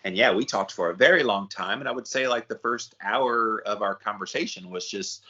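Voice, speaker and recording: Bright-voiced man hosting a casual podcast. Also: fairly low pitch, moderate pace, muffled recording. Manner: conversational, frequent restarts. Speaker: podcast host.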